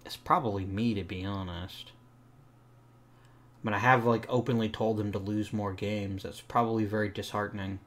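A young man with a fairly low voice talks through a sports management game as he plays. He thinks aloud about trades and the roster, and sarcastically answers back to his complaining virtual players. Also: fairly even intonation, normal speed. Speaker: gaming channel host. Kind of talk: let's play commentary.

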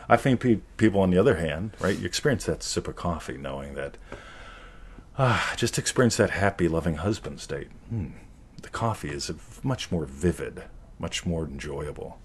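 A man hosting a live question session, in a joking, animated manner, laughing often and acting out little voices. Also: low-pitched, normal speed. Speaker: host. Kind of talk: casual chat answering questions.

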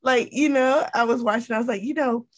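A woman co-hosting a casual chat, excitable and quick to laugh. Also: a little high. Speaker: podcast co-host.

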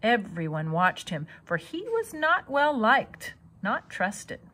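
A woman reading a children's novel aloud with expressive storytelling. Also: medium pitch, slow pace. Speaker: reader.

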